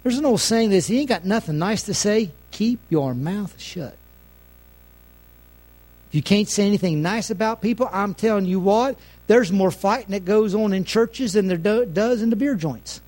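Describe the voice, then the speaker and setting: A middle-aged male pastor delivers a folksy sermon in a notably high voice. He swings between raised, emphatic lines and quiet, hushed asides. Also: moderate pace.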